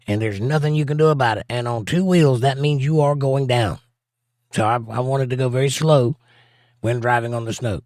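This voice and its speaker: A man's voice: medium pitch, a little mellow, no echo, studio quality. A man hosting a casual live stream, reading viewer comments aloud and joking back at them. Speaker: livestream host.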